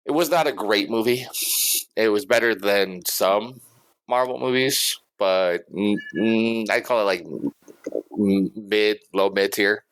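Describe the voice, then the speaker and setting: A man with a very deep voice, co-hosting a podcast in a rambling, hesitant way, thick with pauses and fillers. The sound is close and dry. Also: a bit bright, no echo. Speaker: podcast co-host. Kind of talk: casual chat.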